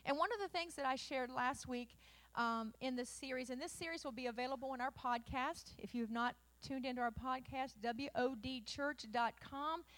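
High-voiced folksy woman preacher. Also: normal speed, fairly bright tone. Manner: folksy storytelling preacher, many fillers, building to emphatic peaks. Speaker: pastor. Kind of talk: sermon.

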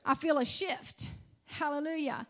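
A woman's voice: sits high, steady tone, a little slow, fairly bright tone. A woman preaching a church sermon, calling out hallelujahs and asking the congregation to respond, building to emphatic declarations. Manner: call-and-response with frequent hallelujahs.

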